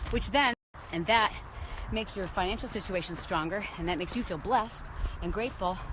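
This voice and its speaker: A woman hosting a casual motivational vlog, talking to viewers in an energetic, emphatic coaching manner. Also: medium pitch, noisy background. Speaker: vlog host and business coach.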